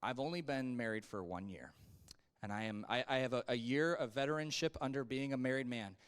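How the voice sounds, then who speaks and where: A man leading a relaxed Sunday school class in an easygoing, conversational voice of middling pitch. He keeps it animated, leaping up and down in pitch when he acts out a line and slipping in little asides to his listeners. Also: fairly quick, smooth. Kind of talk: casual Bible lesson.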